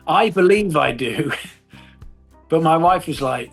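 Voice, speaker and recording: A man's voice: on the high side, animated, unhurried, creaky, pauses often, faint music behind. A middle-aged man in a casual interview, telling stories with animation, swearing and laughing often. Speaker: actor guest.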